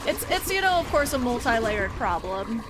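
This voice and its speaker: A woman's voice: on the high side, big pitch swings, normal speed, music in the background. A young woman from the United States streaming a game and chatting casually, rambling with lots of "like" fillers. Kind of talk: casual chat while gaming.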